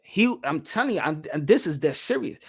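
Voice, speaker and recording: A man hosting a boxing show, talking in an animated, rambling way and slipping into Spanish. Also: fairly high pitch, a little fast, breathy edge. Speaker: boxing podcast host. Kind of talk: casual boxing commentary.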